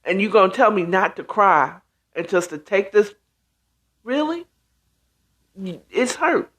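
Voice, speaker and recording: A woman's voice: medium pitch, expressive, moderate pace, a bit bright. A woman hosting a casual talk show, speaking emphatically and acting out quoted reactions as she goes. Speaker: host.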